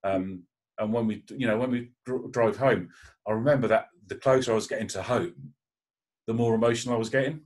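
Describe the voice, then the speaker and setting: A man's voice: medium pitch, brisk, darkish tone. A man, likely in his thirties, speaking as a guest on a panel, telling a candid personal story with emotion and frequent restarts.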